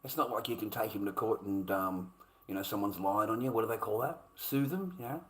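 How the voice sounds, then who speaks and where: A man's voice: on the low side, a little fast. A man delivering a heated, profane, repetitive rant in a monologue. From Australia. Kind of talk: ranting monologue.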